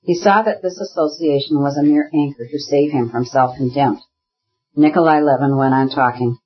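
A narrator reading a classic novel aloud in a steady, measured way. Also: mid-range voice, slightly rough, muffled recording. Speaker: audiobook narrator.

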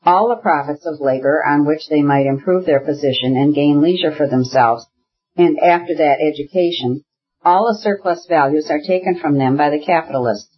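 A husky-voiced reader voicing a bitter, ailing radical brother who argues heatedly, in an audiobook. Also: medium pitch, normal speed, dull audio, natural voice. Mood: agitated. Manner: heated, argumentative, bursts into shouting.

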